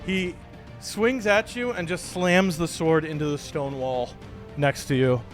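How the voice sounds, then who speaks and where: Animated game master, fairly high voice. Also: male voice, measured pace, faint music behind. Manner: animated storytelling. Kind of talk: narrating a tabletop game.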